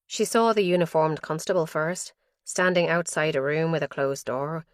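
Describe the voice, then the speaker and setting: Low-voiced woman reading an audiobook. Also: steady tone, normal speed, no echo, clean studio sound. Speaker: audiobook narrator. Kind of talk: scripted narration.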